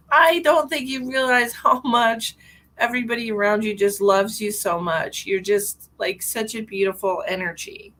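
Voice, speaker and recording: Chatty gushing psychic woman in her forties. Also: poor audio. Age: 40s. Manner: chatty and rambling, laughs often, gushing warmth toward viewers; frequent restarts and fillers, sudden high excited greetings. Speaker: psychic medium. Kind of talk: live-stream psychic reading, casual chat.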